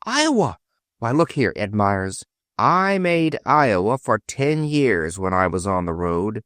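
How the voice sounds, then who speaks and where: A man voicing a brisk, sharp-tongued businesswoman in an audiobook reading. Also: on the low side, very animated, no room sound, studio quality, exaggerated voice. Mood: crisp. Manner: crisp, impatient.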